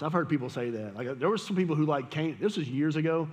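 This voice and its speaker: Preaching to a church hall audience, a man with a fairly high voice talks quickly. His sermon includes a relaxed, conversational story that he laughs along with, and the live recording carries long reverb.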